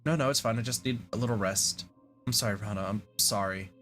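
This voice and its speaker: A man's voice: lowish voice, brisk, fairly bright tone, faint music behind, close to an everyday voice. A man reading aloud the lines of a wounded, brave young female forest guardian in his own voice. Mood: weary, reassuring.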